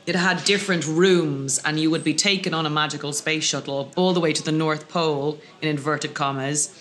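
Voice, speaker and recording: A man telling lively, self-mocking comic anecdotes as a podcast guest. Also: fairly high pitch, moderate pace. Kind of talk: casual comic storytelling.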